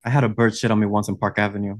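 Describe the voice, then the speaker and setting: A man chatting on a podcast in a sassy, campy, expressive way. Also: on the low side, very fast. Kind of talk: casual podcast chat.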